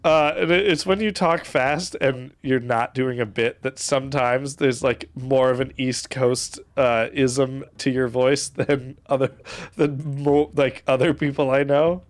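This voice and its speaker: A man's voice: medium pitch, fairly even intonation, a little slow, dry recording. Joking American man streaming a tabletop game. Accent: neutral American. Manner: joking, swears freely, laughs often. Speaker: game master. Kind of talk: casual banter on a stream.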